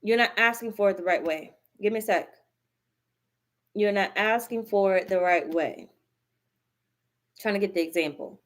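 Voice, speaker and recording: A woman's voice: medium pitch, normal speed, long pauses. A woman giving a live tarot reading, blunt and profane, hammering her points by repeating them. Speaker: tarot reader.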